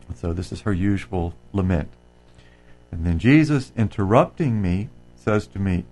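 A man's voice: low voice, moderate pace, warm tone, low-quality recording. A man giving a spiritual talk, reading passages from a devotional text and explaining them in a conversational way, with fillers and restarts. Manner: reads quotations aloud and comments, with fillers and restarts. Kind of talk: spiritual reflection.

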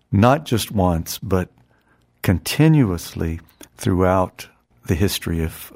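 A man reading a devotional text aloud and explaining it in an earnest, measured way, often repeating phrases. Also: low-pitched, gravelly. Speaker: spiritual teacher.

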